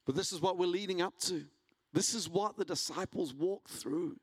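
A man preaching a sermon, telling a personal story and building to an animated delivery. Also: normal speed, husky, dry recording. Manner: storytelling, rising in pitch and intensity when preaching. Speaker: pastor.

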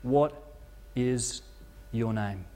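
A preacher voicing a firm, gracious Jesus. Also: male voice, mellow. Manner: low, firm, measured commands.

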